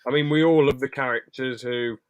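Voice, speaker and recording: A man's voice: medium pitch, steady tone, a little fast, no echo, dull audio. A man co-hosting a podcast in casual chat, rambling with sweary, jokey asides. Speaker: podcast co-host.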